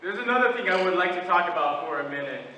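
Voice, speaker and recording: Boy doing a juror walking through the facts, high voice, far off in an echoey hall. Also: animated, fast talker, sharp tone, slight background noise. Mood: persistent. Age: late teens. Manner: methodical, reasoning aloud, some restarts. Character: calm, persistent male juror reasoning. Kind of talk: stage play performance.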